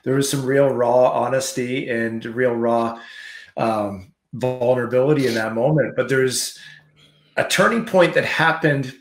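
A man's voice: mid-range voice, measured pace. A male podcast host interviewing his guest in a reflective, encouraging way. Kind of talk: conversational interview. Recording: roomy echo.

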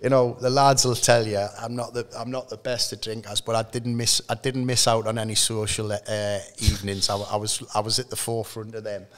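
Middle-aged Geordie man, low voice, easygoing anecdotal chat, restarts often. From Newcastle, England. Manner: relaxed storytelling, halting restarts, laughs through anecdotes. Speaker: podcast guest, former footballer. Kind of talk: casual interview chat.

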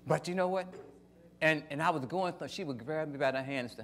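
An older man preaching a sermon, emphatic with sudden loud rises, telling stories in casual folksy phrasing. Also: mid-range voice, steady tone, brisk. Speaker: pastor.

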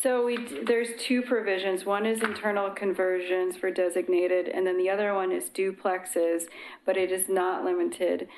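A woman's voice: medium pitch, flat delivery, a little mellow, roomy sound, a little hiss or hum, low-quality recording. A woman city planner explaining code amendments at a public meeting. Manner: explanatory, brisk at times.

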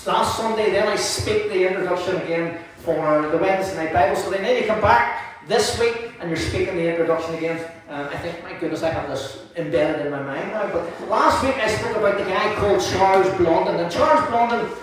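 A man preaching a sermon, praying quietly at first and then telling stories with lively humour. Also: high voice, fairly quick, hardly any pauses. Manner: prays softly, then preaches with lively storytelling and laughter. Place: church hall. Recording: echoey room from far off.

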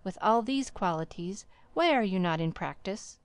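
A woman doing a brisk bustling gentleman. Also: mid-range voice, lively intonation, no room sound, lightly acted. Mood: brusque. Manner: abrupt, bustling, blunt questions. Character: brisk bustling middle-aged gentleman investor.

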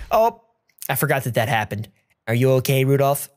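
A man giving crude, goofy commentary while playing a video game, breaking into yells and made-up song lines. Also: mid-range voice, brisk. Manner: goofy, crude, yelling in bursts. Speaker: gaming YouTuber. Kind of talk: let's play commentary.

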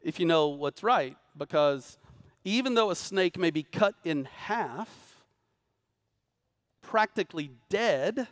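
A man's voice, pitched high for a man, preaches to a live congregation in a church. He swings from rising, urgent calls for amens down to low, hushed emphasis. The sound is close and dry, with little room in it. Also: lively intonation, slow pace, dry recording. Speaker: pastor. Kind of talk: sermon. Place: church sanctuary before a congregation.

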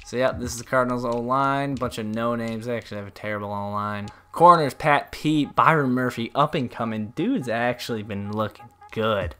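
A man commentating a simulated football video game in a casual, profane, mocking way, getting loud and worked up at big plays. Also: mid-range voice, moderate pace, few pauses, clear, resonant tone. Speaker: gaming YouTuber.

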